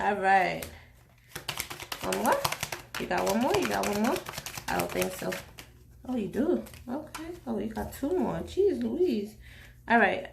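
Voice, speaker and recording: A woman's voice: medium pitch, big pitch swings, a little slow, gravelly, long pauses, noisy background. A woman from Haiti giving a casual tarot reading, slangy and chatty with jokey asides. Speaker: tarot reader.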